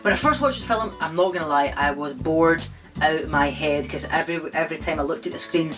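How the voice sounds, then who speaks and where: A man's voice: fairly high pitch, a little fast, music in the background. A man talking casually to camera, reviewing his favourite film in a chatty way full of "don't get me wrong" asides. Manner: chatty, repeats "don't get me wrong" and "I'm not gonna lie".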